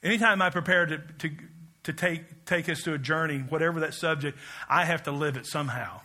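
A middle-aged man preaching a sermon, telling stories with self-mocking humor and bursts of loud exclamation. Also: on the high side, brisk. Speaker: pastor.

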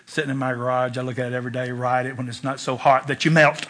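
A man preaching a sermon in church, joking and animated, swinging from loud urging to hushed asides. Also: medium pitch, fast talker. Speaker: pastor.

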